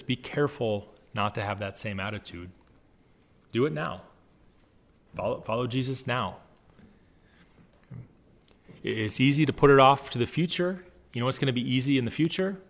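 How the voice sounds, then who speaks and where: A man's voice: medium pitch, a bit bright. Man giving a casual Bible talk. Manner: conversational, reads scripture aloud with emphasis.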